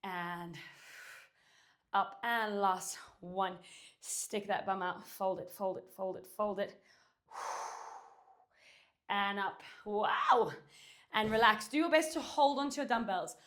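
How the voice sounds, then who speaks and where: A woman's voice: mid-range voice, slow pace, pauses often. A woman teaching a Pilates and dumbbell workout at home, out of breath, cueing and counting reps while she exercises, recorded by a camera at a distance. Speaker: Pilates instructor. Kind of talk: workout instruction. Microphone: far camera.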